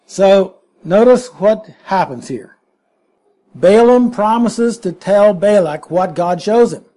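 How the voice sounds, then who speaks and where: A man's voice: high voice, animated, takes it slowly, warm tone. A man preaching a sermon, emphatic and full of rhetorical questions.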